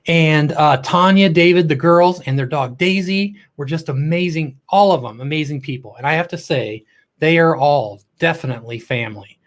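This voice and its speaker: A man's voice: on the high side, moderate pace. A middle-aged man hosting a casual live stream, chatty and upbeat, teasing his viewers.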